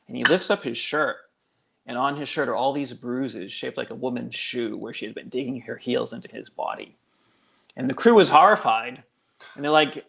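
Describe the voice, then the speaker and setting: A man's voice: medium pitch, fairly quick, vocal fry, fairly bright tone. A male guest author telling a local legend in a casual, chatty way, full of fillers. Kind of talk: casual storytelling.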